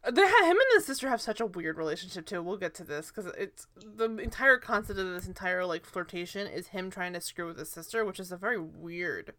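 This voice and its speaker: Co-hosting a sitcom recap podcast, a young woman with a fairly low voice chats quickly with few pauses, background noise audible. She's animated and laughs often, drifting off on tangents.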